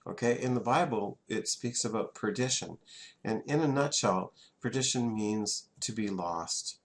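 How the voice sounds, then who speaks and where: A man's voice: lowish voice, a little slow. A man, teaching a French class in a classroom and having students repeat words back.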